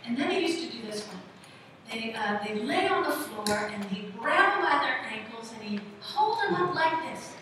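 A woman's voice: on the high side, sing-song, normal speed, a bit bright. A woman in her sixties preaching a sermon, telling stories and putting questions to the congregation. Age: 60s. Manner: conversational storytelling, questions to the congregation. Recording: echoey hall from far off, audible room noise.

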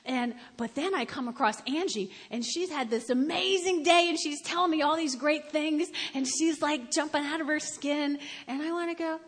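An older woman with a high voice preaches a sermon, moving from homely storytelling to loud, emphatic appeals. Her voice rings through a big hall with a long reverb tail. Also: moderate pace, few pauses. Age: about 70.

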